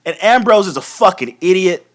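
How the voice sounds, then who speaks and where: Profane, ranting man with lively pitch. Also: normal speed. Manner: laughs often. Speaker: host of a wrestling recap show. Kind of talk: live casual commentary recap.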